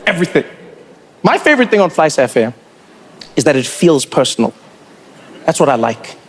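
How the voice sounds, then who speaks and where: A man with a South African accent performing a lively stand-up comedy routine and acting out other people's voices. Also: a little high, normal speed, slight background noise.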